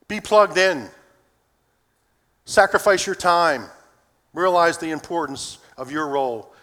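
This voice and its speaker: Middle-aged male pastor, folksy and earnest, bright voice, reverberant church. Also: a little high. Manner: folksy, earnest, addresses congregation. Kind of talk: sermon. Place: church sanctuary.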